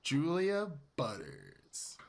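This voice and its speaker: A man's voice: on the high side, huge pitch swings, drawn-out words, vocal fry, over a noisy crowd. A young man co-hosting a casual film review podcast, laughing often and animatedly retelling scenes. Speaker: podcast co-host.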